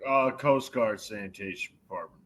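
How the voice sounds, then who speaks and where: Rambling, swearing man with bright voice. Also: on the low side, normal speed, low-quality recording. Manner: rambling, swears often, fillers. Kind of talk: casual movie chat.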